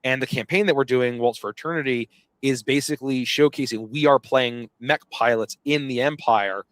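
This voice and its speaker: A man pitching his game setting in casual chat, earnest and rambling with many fillers. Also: normal speed, fairly bright tone, dry recording. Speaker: game designer.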